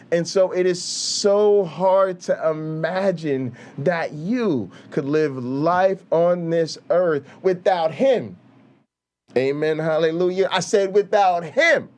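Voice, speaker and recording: A man hosting a reaction show, loud and mocking, with profane, hyped-up commentary. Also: on the high side. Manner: loud, hype, mocking, swears constantly. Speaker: reaction channel host.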